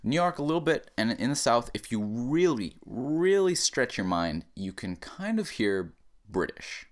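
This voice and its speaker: A man rambling through a profane comedic rant, drifting from mumbled asides to loud, emphatic bursts. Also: mid-range voice, big pitch swings, a little slow. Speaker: podcast comedian.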